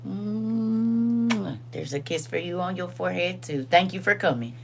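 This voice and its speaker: A woman's voice: on the low side, measured pace, creaky, darkish tone, a little hiss or hum. An older woman hosting a casual livestream. She chats with her viewers, reads their comments aloud, and repeats phrases for emphasis. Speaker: livestream host.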